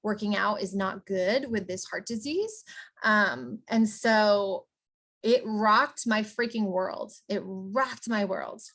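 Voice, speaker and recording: A woman coaching business owners in a casual, energetic motivational talk, chatty and emphatic. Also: mid-range voice, takes it slowly. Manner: energetic, chatty, often asks "right?".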